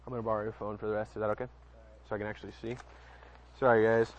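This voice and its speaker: A man with a fairly low, flat voice races through Bible passages in a casual sermon, often tripping over words and tossing chatty asides to his listeners. He's outdoors at night near a porch, captured in a dull lo-fi recording.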